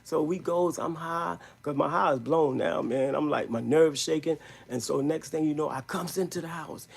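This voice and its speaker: A man telling a rambling story in a live stream, in emphatic street slang, with a gravelly, husky voice. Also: fairly high pitch, moderate pace.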